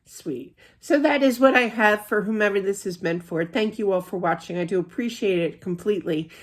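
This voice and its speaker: A middle-aged woman giving a casual spiritual reading, chatty and rambling, full of fillers and restarts. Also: medium pitch. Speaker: psychic reader.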